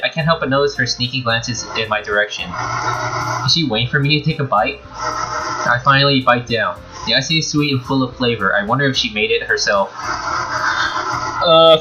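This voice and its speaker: A man's voice: fairly high pitch, poor audio. A young man doing let's-play commentary, reading a visual novel aloud and rambling, correcting himself and laughing at his own jokes. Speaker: gaming YouTuber.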